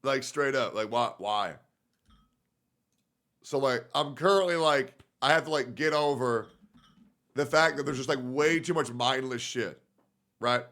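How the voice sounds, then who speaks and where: A man's voice: mid-range voice, measured pace, long pauses, fairly bright tone. A young man streaming in casual commentary, reacting to posts in a profane, filler-heavy, muttering way.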